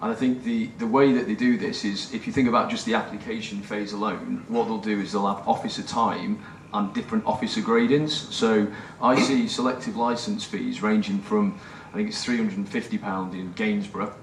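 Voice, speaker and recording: A man co-presenting at a seminar explains fees in a measured, slightly hesitant way. His voice sits fairly low. He is picked up from a distance in an echoey room. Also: fairly even intonation, a little hiss or hum. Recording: echoey room, mic far off.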